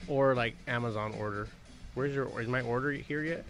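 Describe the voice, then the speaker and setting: A man's voice: medium pitch, normal speed, a bit bright, faint music behind. Rambling, swearing male podcast host. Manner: rambling, swears freely, many fillers. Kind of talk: casual chat.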